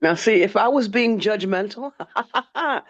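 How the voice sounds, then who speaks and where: A woman's voice: medium pitch, animated, a little slow, no echo. Joking woman on a muffled video call. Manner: joking, laughing between phrases. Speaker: meetup participant.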